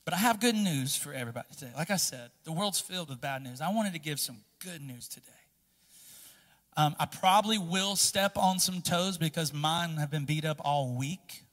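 In a large church sanctuary, a pastor preaches in a bright, forceful voice that rings out with long reverb. Slightly high for a man, his delivery has lively intonation at a moderate pace, shifting from close and confiding to loud, impassioned preaching.

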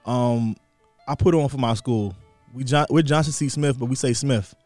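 A man's voice: medium pitch, moderate pace, darkish tone, no echo, faint music behind. A man in his thirties, born in New York and raised in Atlanta, talking animatedly and chuckling on a casual podcast. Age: 30s. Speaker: podcast co-host.

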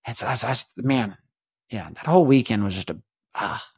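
A man hosting a podcast, talking in a rambling, halting way with many restarts and earnest, faith-minded reflection. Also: mid-range voice, animated, darkish tone, husky, no echo, clean studio sound. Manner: rambling, halting, repeats words, keeps asking "you know what I mean". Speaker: podcast host. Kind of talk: casual confessional monologue.

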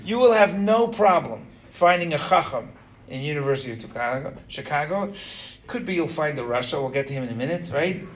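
A middle-aged man teaching an informal religious lesson to students. He is animated, keeps quizzing the class and tags his points with "right?". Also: fairly high pitch, brisk.

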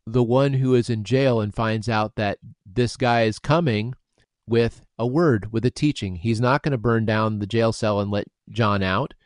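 A man's voice: on the low side, moderate pace, dry recording, studio quality. A man discussing scripture, explaining word meanings and using everyday examples. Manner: explanatory, uses homely examples.

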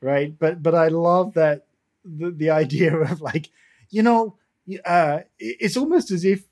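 A man hosts a casual interview chat in a high voice. He laughs often and encourages his guest. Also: unhurried, a little mellow. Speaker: podcast host.

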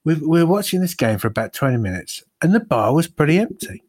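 A man's voice: a little high, sing-song, fast talker, a little mellow. A man telling a rambling, self-mocking story in casual chat with friends.

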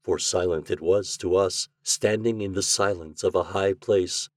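Low-voiced male story reader. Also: steady tone, unhurried, no room sound, studio quality. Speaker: podcast narrator. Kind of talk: reading a classic short story aloud.

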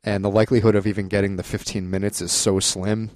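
A young man co-hosting a casual podcast, speaking bluntly and with strong opinions. His voice sits low and sounds dry and close. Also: level tone, quick pace, a little mellow, no echo. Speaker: podcast co-host. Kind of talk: casual chat.

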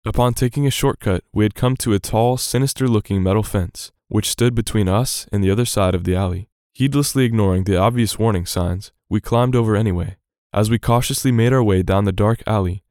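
A man's voice: fairly low pitch, moderate pace, darkish tone, no echo, clean studio sound. A young man reading a scripted devotional story in an earnest storytelling manner. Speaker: student devotional reader.

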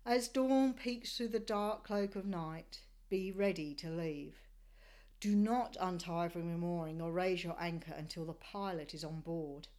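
A woman narrates a sailing journey in a measured, descriptive way. Her voice sits a little low for a woman, and the delivery is steady and scripted. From Australia.

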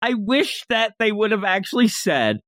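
An animated man with a fairly high voice recaps a story in casual chat. He jumps into silly character voices as he goes. The sound is close and dry, with no room echo. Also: normal speed. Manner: animated, acts out scenes in funny voices. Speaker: podcast co-host.

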